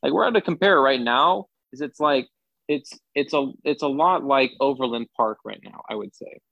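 A young man talks in a loose, upbeat way, stumbling over and restarting his sentences as he chats as a guest. His voice sits at an ordinary middle pitch. The remote audio sounds muffled and dry, with no room around it. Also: moderate pace, creaky, no room sound. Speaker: sports anchor, podcast guest. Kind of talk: casual podcast chat.

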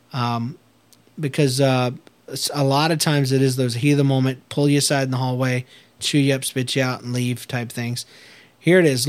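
A man, a children's ministry pastor, giving emphatic, emotional podcast advice with folksy fillers. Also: mid-range voice. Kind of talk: casual podcast talk.

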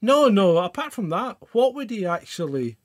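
A man's voice: high-pitched, sing-song, moderate pace, dry recording, clean studio sound. A man co-hosting a live chat show, talking emphatically and swearing, ranting with rhetorical questions. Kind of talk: casual banter, live stream.

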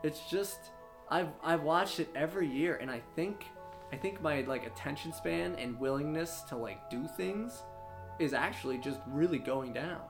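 A man's voice: on the high side, normal speed, vocal fry. A young man casually chatting as a podcast co-host, loose and laid-back, swearing and doing bits. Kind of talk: casual chat. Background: guitar music.

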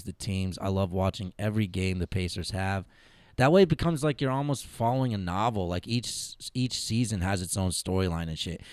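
A man hosting a casual sports podcast, animated and profane, laughing as he tells stories. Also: on the low side, no room sound. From United States. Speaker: podcast host.

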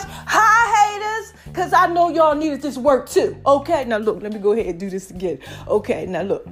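A woman's voice: mid-range voice, lively intonation, fairly quick, few pauses, a bit bright, soft background music. A woman hosting a podcast, giving casual motivational talk in a playful way, repeating phrases and calling her listeners "baby.". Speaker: podcast host.

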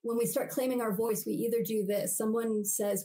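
Animated woman guest, higher voice. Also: moderate pace, few pauses, rough recording. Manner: animated, acts out everyday voices while explaining. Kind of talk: podcast interview.

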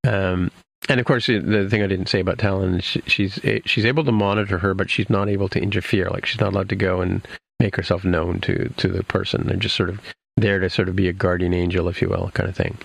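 A man's voice: deep voice, little pitch movement, fast, gravelly, dry recording. A man casually recapping an episode for his podcast co-hosts, rambling with many fillers and restarts. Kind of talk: casual chat.

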